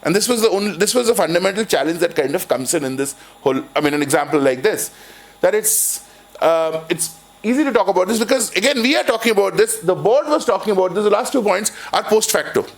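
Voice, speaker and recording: A man's voice: high-pitched, animated, fast talker. A man with an Indian English accent giving a university lecture on finance, rambling with frequent restarts and telling anecdotes. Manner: rambling, many restarts and "kind of", jokey storytelling. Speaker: finance professor. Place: lecture hall.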